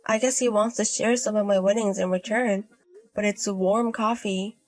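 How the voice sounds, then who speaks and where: A woman doing a deadpan, carefree young gambler. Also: natural voice. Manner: deadpan, low-key, unhurried.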